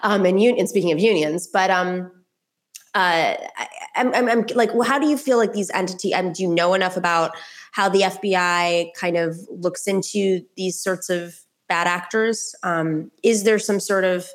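A woman's voice: fairly low pitch, moderate pace. A woman hosting a political talk show, chatting casually with many restarts and fillers.

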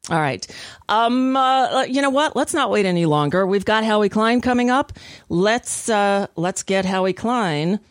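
A woman's voice: mid-range voice, expressive, unhurried, no room sound, studio quality. A woman hosting a radio talk show, chatting casually with fillers and restarts. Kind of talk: casual chat.

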